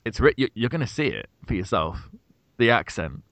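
A man's voice: normal speed, no echo. A British man in his thirties, telling a funny story in casual chat and acting out the quotes. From Britain. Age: 30s. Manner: animated storyteller, acts out quotes with big pitch jumps. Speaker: podcast co-host.

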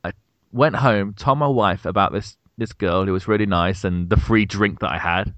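A British podcast co-host in his thirties speaks at normal speed in a dry, dull-sounding recording. Telling a funny story in casual chat, he's an animated storyteller who acts out quotes with big pitch jumps.

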